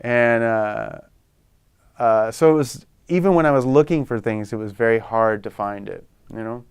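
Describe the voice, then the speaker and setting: A middle-aged American man, a guest, telling stories in a relaxed, chatty way and acting out the voices he quotes. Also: mid-range voice, moderate pace, smooth, no room sound, studio quality. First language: English. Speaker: guest, photographer. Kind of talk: relaxed conversational storytelling.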